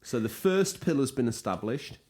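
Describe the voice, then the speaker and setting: A man's voice: medium pitch, expressive, normal speed, a little mellow. A man co-hosting a casual gaming podcast, teasing his co-host and slipping into hammy voice impressions. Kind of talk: jokey casual podcast chat.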